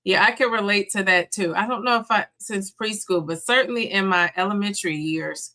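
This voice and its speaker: A middle-aged woman hosts a casual livestream, talking in a chatty, encouraging way as she reads out viewer comments and cheers people on. Her voice sounds bright and forward. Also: mid-range voice, fairly quick. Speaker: livestream host.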